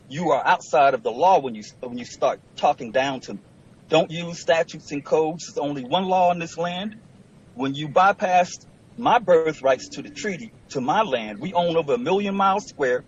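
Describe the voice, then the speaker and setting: A man's voice: on the high side, highs cut off, slight background noise. A man representing himself in a courtroom, lecturing and arguing combatively with the judge. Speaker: self-represented litigant in court. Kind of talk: courtroom argument.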